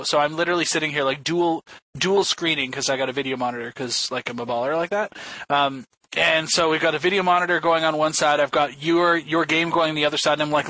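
A man telling a story in casual podcast chat, excitable and swearing freely. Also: on the high side, dry recording, poor audio.

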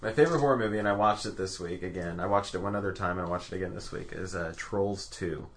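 A young man in casual podcast chat, telling stories excitedly and swearing freely. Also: low-pitched, fast. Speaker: podcast co-host.

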